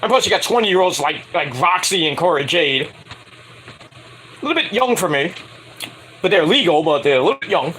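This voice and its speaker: A man's voice: a little high, lively intonation, moderate pace, long pauses, sharp tone, slight background noise, low-quality recording. A man giving a casual, crude and opinionated wrestling review, swearing freely.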